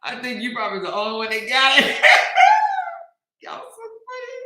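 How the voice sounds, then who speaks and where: Bright, laughing woman host in echoey room. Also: on the high side, huge pitch swings, fast. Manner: laughing often, loud playful outbursts. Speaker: host reading viewer comments. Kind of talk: casual livestream chat. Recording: roomy echoey room sound.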